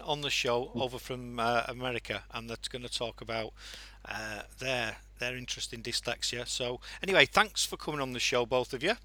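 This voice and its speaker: A man's voice: mid-range voice, normal speed, pushed and bright, dry recording, studio quality. A man hosting an online radio show, chatting casually with fillers and restarts. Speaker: podcast host.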